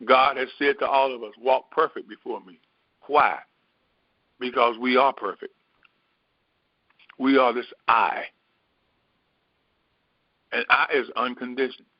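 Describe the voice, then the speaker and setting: A middle-aged man giving a reflective metaphysical Bible teaching, unhurried and repetitive, musing aloud. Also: medium pitch, fairly even intonation, no room sound. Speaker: spiritual teacher. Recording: dull, dry lo-fi recording.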